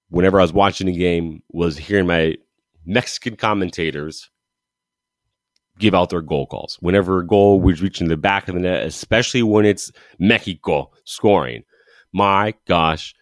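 A young man co-hosting a casual sports podcast, animated and laughing often, breaking into long shouted goal calls. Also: deep voice, no echo, studio quality. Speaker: podcast co-host. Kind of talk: casual chat.

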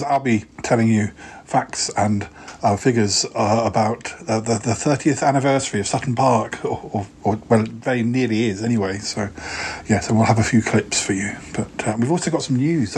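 A man's voice: fairly low pitch, darkish tone, a little hiss or hum. A man hosting a podcast, chatting casually and hesitantly with many fillers. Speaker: podcast host. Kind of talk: casual chat.

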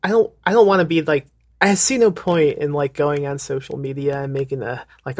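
A man's voice: fairly high pitch, animated, moderate pace, slightly rough, dry recording. A man, a guest author, chatting casually on a podcast in a wry, laid-back way and laughing a lot.

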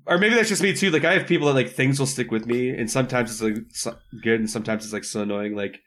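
A man's voice: medium pitch, fast, a bit bright. A man co-hosting a podcast who talks casually and keeps slipping into impressions of others. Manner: chatty, slips into impressions. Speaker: podcast co-host. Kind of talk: casual chat.

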